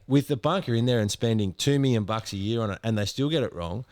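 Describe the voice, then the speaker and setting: A man with an Australian accent, a podcast co-host, sounding hoarse from illness and joking dryly as he talks about the sport. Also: mid-range voice, quick pace, darkish tone. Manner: dry, joking. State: hoarse, unwell. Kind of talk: casual sports chat.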